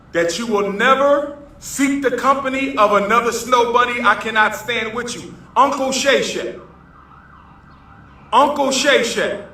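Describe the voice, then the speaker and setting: Man, very high voice, sharp and bright, joking rant, echoey room, far from mic. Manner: joking, repeats himself, laughs. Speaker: social media commenter. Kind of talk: casual selfie-video rant. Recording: roomy, distant clip with faint noise.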